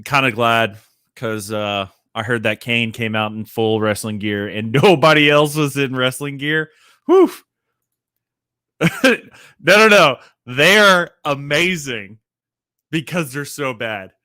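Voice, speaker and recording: Animated man hosting a casual livestream. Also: medium pitch, slow pace, smooth, no room sound, studio quality. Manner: rambling, animated, swearing, laughing at himself. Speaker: livestream host.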